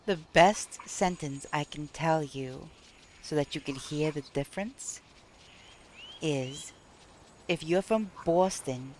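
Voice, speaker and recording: A woman's voice: deep voice, slow pace, long pauses, darkish tone, slight background noise. A woman with a New York accent chatting casually with her viewers while gaming on a live stream, laughing often. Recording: game music playing behind.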